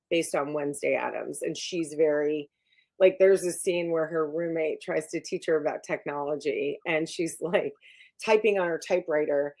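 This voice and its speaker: A woman's voice: low voice, darkish tone. A middle-aged woman executive coach, a guest on a podcast, who talks emphatically with many fillers and restarts. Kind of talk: podcast interview.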